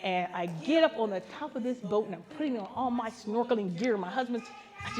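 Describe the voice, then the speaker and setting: A woman pastor telling comic stories to a live gathering, animated and jumping into high voices for the people she quotes. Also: fairly quick, crowd noise. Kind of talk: comic storytelling to a live audience. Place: women's gathering with a laughing audience. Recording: live event with audience laughter.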